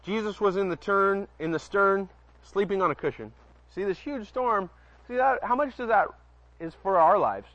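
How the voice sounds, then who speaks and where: At a normal speed, a man with a high, slightly bright voice reads Bible verses in a casual preaching style, frequently tripping on words and talking offhandedly to listeners. Recorded dry and dull lo-fi, outdoors at night by a porch.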